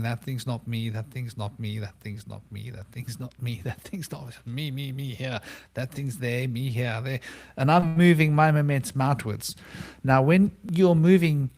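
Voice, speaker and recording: A man's voice: medium pitch, darkish tone. Rambling man musing on philosophy. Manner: rambling, musing, repeats phrases. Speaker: round table host. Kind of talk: casual philosophical monologue. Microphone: video call.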